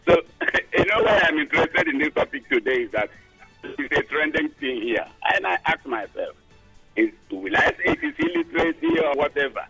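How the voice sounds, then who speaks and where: A Nigerian man calling into a radio show, talking emphatically and growing excitable. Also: fairly high pitch, moderate pace, gravelly, slightly rough, no room sound, highs cut off, soft background music. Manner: emphatic, excitable, rising into shouts. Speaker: caller. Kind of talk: phone-in call.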